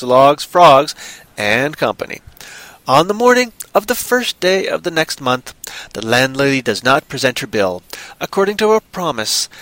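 A man's voice: on the high side, a bit bright, no echo, rough recording. Dry-sounding man host reading aloud. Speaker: podcast host. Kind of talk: story reading, then interview chat.

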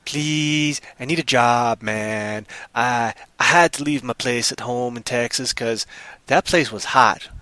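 A man voicing a naive drifter from Texas in an improvised spoken story, slow, puzzled and pleading. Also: medium pitch, sharp tone, dry recording.

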